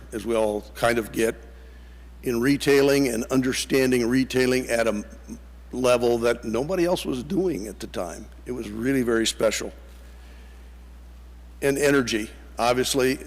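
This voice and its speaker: An older man gives a reflective memorial tribute at an unhurried pace. His voice is mid-pitched. The sound rings with the long reverb of a church sanctuary. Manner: reflective, unhurried, repeats key words. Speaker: eulogy speaker.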